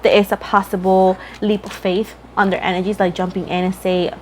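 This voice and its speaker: Over some background noise, a woman with a medium, fairly flat voice speaks a little fast. She's a tarot reader doing a casual reading to camera, chatty and frank, talking straight to her viewers and calling them "boo" and "Libra."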